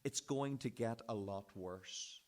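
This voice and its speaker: A man's voice: lowish voice, slow, a little mellow. A man preaching a sermon in a church, passionately voicing the prophet's complaint to God.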